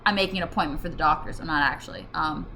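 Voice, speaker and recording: A woman in her twenties telling funny stories in a casual vlog, chatty and self-mocking, breaking into sudden shouted tics. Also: sits low, racing, a little hiss or hum. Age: 20s. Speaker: vlogger. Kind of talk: casual storytelling monologue. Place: home room.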